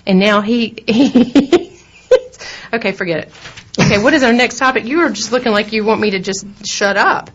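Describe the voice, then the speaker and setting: A woman's voice: on the high side, normal speed, slight background noise. A middle-aged woman with a Southern accent co-hosting a radio talk show, chatting in a rambling, laughing way. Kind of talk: casual on-air chat. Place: radio studio. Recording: dull lo-fi radio recording.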